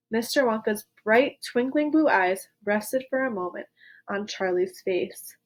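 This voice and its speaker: A woman reading a children's novel aloud in an expressive way, pausing to ask questions about the story. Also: mid-range voice. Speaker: children's book reader.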